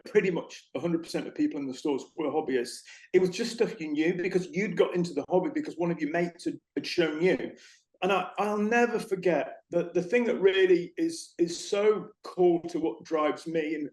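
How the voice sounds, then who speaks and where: A middle-aged man, a guest in an interview, telling animated stories and acting out shop conversations. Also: fairly high pitch. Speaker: interview guest, former retail manager. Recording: echoey room.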